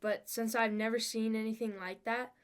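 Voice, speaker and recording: Woman, player, hesitant, musing, slightly high, faint noise. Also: flat delivery, normal speed. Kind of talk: tabletop role-play.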